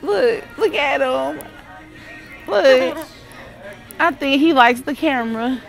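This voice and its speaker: A woman's voice: high-pitched, takes it slowly, gravelly, faint music behind. A woman filming a casual vlog in a pet store, cooing at puppies. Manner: cooing, baby-talk at puppies. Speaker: vlogger.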